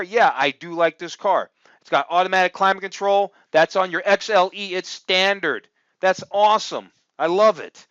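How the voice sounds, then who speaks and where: A man's voice: on the high side, a bit bright, clear, resonant tone, no echo. Casual male reviewer, chatty and upbeat, lots of "uh"s; dry, dull-sounding home mic. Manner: chatty and upbeat, thinking aloud with many fillers. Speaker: car review host. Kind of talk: casual screen-share review commentary.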